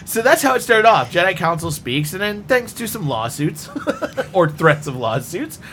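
A man's voice: high voice, sing-song, moderate pace, fairly bright tone, slight background noise. A man hosting a podcast, telling its history in a rambling, self-deprecating way with frequent restarts. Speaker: podcast host. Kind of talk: casual podcast chat.

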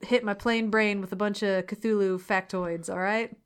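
A woman's voice: mid-range voice, fairly even intonation, normal speed, smooth. A woman co-hosting a podcast, recapping a movie in casual chat, swearing freely and laughing often. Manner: profane, punchy, laughs often. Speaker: podcast co-host.

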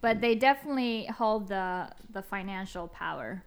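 A woman from Romania with a Romanian accent, a podcast guest chatting in an animated way and laughing often. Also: medium pitch, moderate pace, smooth. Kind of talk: casual podcast chat.

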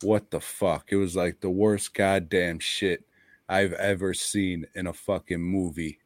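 A man's voice: low-pitched, flat delivery, measured pace, dry recording. A man co-hosting a casual podcast who talks bluntly, swears constantly and laughs often. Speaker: podcast co-host.

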